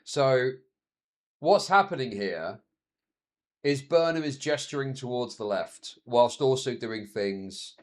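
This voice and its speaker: A man in his thirties chatting casually on a live stream, telling stories with frequent laughs and swearing. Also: medium pitch. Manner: chatty, laughs often, swears, animated storytelling.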